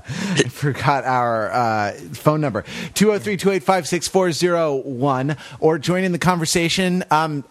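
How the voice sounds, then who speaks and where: A man co-hosting a podcast, reading out contact details and signing off in a halting, wry way. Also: on the high side, fairly bright tone, no room sound. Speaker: podcast co-host. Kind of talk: casual chat and show sign-off.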